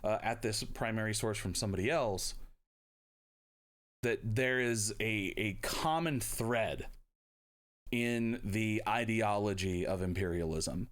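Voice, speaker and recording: A man's voice: on the low side, takes it slowly, a bit bright. A man teaching history in a casual video lecture, blunt and irreverent, talking loosely with lots of fillers and asides.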